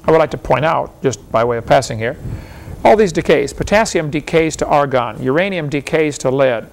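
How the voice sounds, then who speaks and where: A man's voice: on the high side, lively intonation, fairly quick, vocal fry, a little hiss or hum. A man giving a seminar lecture to a live audience in a folksy, argumentative way, firing off rhetorical questions and chuckling often.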